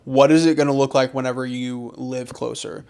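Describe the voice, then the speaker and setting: Gravelly young man, earnest and reflective. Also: medium pitch, fairly even intonation, normal speed, a little mellow. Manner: earnest, reflective, repeats phrases for emphasis. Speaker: podcast co-host. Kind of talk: casual faith conversation.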